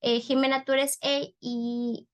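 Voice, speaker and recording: A woman teaching an online English class, animated and coaxing, repeating words for her students. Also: high-pitched, moderate pace. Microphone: video call.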